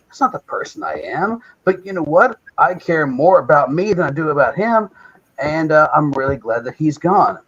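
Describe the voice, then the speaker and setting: Profane storytelling man, lo-fi audio. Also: medium pitch. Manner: profane, animated retelling with acted quotes. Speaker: co-host. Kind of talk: casual storytelling. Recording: dull lo-fi stream audio.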